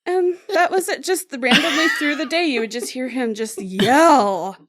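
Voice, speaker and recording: Her voice is high-pitched and her speed normal. Co-hosting a podcast, she recounts a story casually, full of laughter, bringing the people in it to life with acted-out voices.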